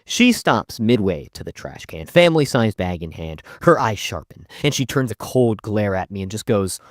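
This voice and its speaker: A man's voice: on the low side, very animated, normal speed, few pauses, no room sound, studio quality. A young man narrating a school story in a casual, joking, conversational way. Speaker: storytime YouTuber.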